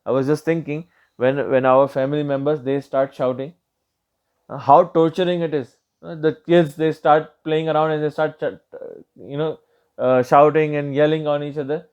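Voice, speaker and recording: A man's voice: fairly high pitch, little pitch movement, normal speed, clean tone. A man giving a Friday sermon in a mosque, impassioned, and he raises his voice sharply when he acts out quotes. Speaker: Friday preacher. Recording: dull lo-fi recording.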